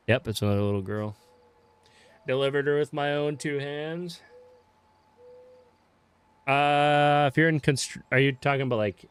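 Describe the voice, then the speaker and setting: A young man casually chatting with viewers while playing a farming game, relaxed and swearing offhandedly. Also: mid-range voice, smooth. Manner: laid-back, swears casually, greets viewers by name. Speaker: game streamer. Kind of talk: casual live-stream chat while playing.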